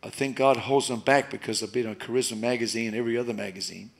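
A man preaching from the pulpit in a mid-range voice. He climbs into loud, emphatic bursts, then sinks to a hushed, intimate tone. Animated, expressive preaching. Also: mid-range voice, fast, gravelly. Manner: animated preaching, rising loud and dropping to soft. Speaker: pastor. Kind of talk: sermon.

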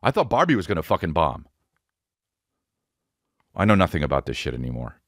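Low-voiced comedian dude in his 40s rambling and cussing on his podcast, dry close mic. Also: very animated, fairly quick, fairly bright tone, no echo. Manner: rambling, profane, self-mocking. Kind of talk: casual comedic monologue. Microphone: studio podcast mic.

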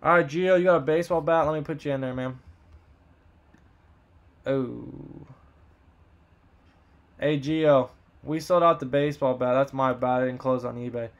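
A man hosting a live card box break, rattling off buyer names and teams in quick upbeat banter while losing his voice. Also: mid-range voice, fairly even intonation, highs cut off.

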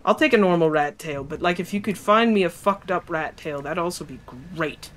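Streamer, excitable and chatty, live gameplay commentary, addresses chat. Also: medium pitch, brisk, slight background noise. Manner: excitable, chatty, talks to chat, reads game text aloud.

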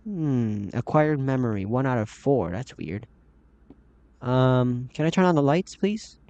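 A man's voice: medium pitch, lively intonation, measured pace, darkish tone. A man giving casual, jumpy horror gameplay commentary, talking to himself and calling out to the characters, his voice often cracking upward. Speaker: gaming channel host. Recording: slightly dull lo-fi mic.

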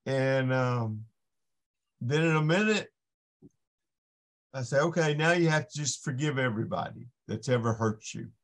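Man, podcast guest, slow pace, storytelling, acts out dialogue. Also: mid-range voice. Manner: unhurried storytelling, acts out the voices in his story. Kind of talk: casual storytelling testimony.

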